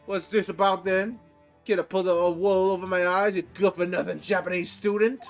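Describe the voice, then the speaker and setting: Brief: gruff Scottish governor, voiced by a man, brusque, high-pitched, faint music under. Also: flat delivery, a little fast. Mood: blustering. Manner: brusque, blustering. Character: gruff blustering male prison governor, middle-aged. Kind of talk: reading game dialogue aloud.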